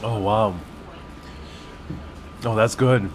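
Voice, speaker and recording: This city vlogger's casual live stream comes from a cafe, where he tastes food and talks with viewers, thinking aloud with fillers and restarts on a wireless clip-on mic. He speaks extremely slowly in a voice on the low side with fairly even intonation, over slight background noise.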